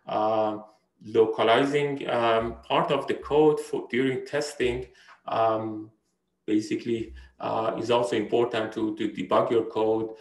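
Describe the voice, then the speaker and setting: A man's voice: mid-range voice, reverberant, low-quality recording. A man giving a university lecture, hesitant, with many fillers and restarts, often checking in with "right?". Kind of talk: recorded lecture.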